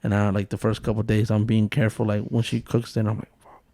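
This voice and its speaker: A man's voice: on the low side, completely flat delivery, fast, dark tone, dry recording. A man in his thirties co-hosting a casual podcast, telling stories with loose jokes, swearing and frequent laughs. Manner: loose, joking, swears a lot, laughs often. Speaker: podcast co-host.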